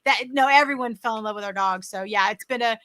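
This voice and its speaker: A woman's voice: on the high side, fast talker, fairly bright tone. A woman hosting a virtual interview, telling her story in an upbeat, effusive way. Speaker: host.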